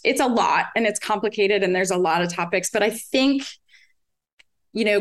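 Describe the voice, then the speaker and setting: A woman in her forties, a mother talking earnestly in casual conversation, rambling with restarts and many fillers. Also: medium pitch. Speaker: podcast guest, mother.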